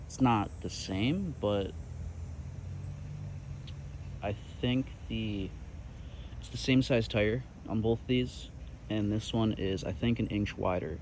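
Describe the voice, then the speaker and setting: A man's voice: on the low side, measured pace, darkish tone, slight background noise, rough recording. A man with a Midwestern accent talks casually through work on his car, thinking aloud and joking in a dry, self-mocking way. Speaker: car restoration vlogger. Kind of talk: casual garage vlog. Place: home garage and driveway, outdoors.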